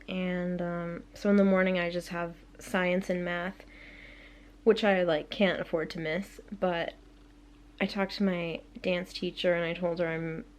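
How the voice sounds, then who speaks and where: A woman's voice: medium pitch, darkish tone. A young woman in her late teens, talking through a casual video diary in a rambling way, full of "like" and "um". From Canada. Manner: rambling, filler-heavy, frequent "like" and "um". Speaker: vlogger.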